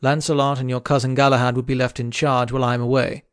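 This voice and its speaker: A man's voice: mid-range voice, flat delivery, quick pace, clean tone, dry recording, studio quality, natural voice. A man voicing a commanding, earnest king.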